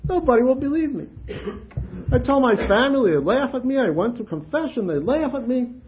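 A man's voice: very high voice, big pitch swings, fairly quick, narrow, tinny audio, a little hiss or hum, pitched above the performer's own voice. A man voicing an anxious grown man who insists a bird is stuck in his ear, talking in a pleading, insistent way.

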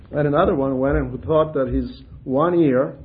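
A man preaching a sermon, telling humorous stories in an animated way and laughing at his own anecdotes. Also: medium pitch, narrow, tinny audio.

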